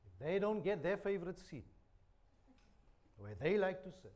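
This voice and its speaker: A man's voice: high voice, big pitch swings, normal speed, a little mellow. A man preaching a sermon, joking and chatty, repeating phrases. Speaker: pastor. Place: church.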